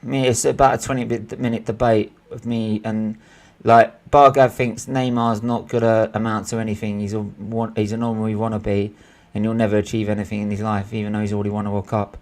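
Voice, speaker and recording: Fairly low-pitched and a little fast, a young man reacts to a live football match while hosting a casual watchalong. He gets worked up easily, curses without restraint and leans heavily on "bruv" when talking to his friend.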